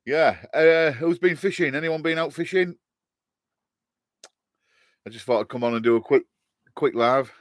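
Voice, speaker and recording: A man's voice: fairly high pitch, moderate pace, long pauses, dry recording, clean studio sound. A man, a bit tipsy, chatting casually on a live stream from his shed and greeting viewers by name. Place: garden shed.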